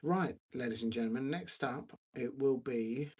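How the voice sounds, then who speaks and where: A husky-voiced man hosts a football live stream, sounding tired. He talks in a loose, rambling way, full of ums and restarts, and reads viewer comments aloud between his match opinions. His pitch sits at an ordinary middle height. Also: normal speed, darkish tone. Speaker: livestream football watch-along host. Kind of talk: casual live-stream chat.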